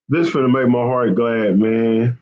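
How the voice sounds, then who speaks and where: A man's voice: medium pitch, darkish tone, lo-fi sound. A man hosting a fishing channel, chatting casually with viewers on a live stream. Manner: chatty, repetitive, often says man and y'all.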